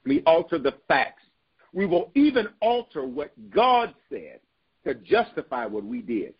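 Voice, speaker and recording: A man's voice: fairly high pitch, huge pitch swings, measured pace, breathy edge, highs cut off. A man preaching a sermon as bishop, reading scripture aloud and repeating phrases for emphasis with call-and-response.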